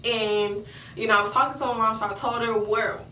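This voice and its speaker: A woman's voice: on the high side, fairly even intonation, brisk, sharp tone, echoey room, recorded from a distance, slight background noise, low-quality recording. A young woman vlogger telling a personal story in a rambling way, with many fillers and restarts.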